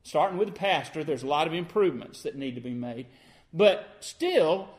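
A man preaches a sermon, walking his listeners through scripture line by line. His voice sits a bit high for a man, and his delivery is earnest and plainspoken. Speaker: pastor.

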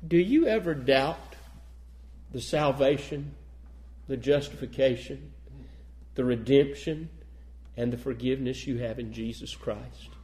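A man's voice: mid-range voice, a little slow, long pauses, darkish tone. A man preaching a sermon, reading old-fashioned scripture aloud and then pressing his points with rising emphasis.

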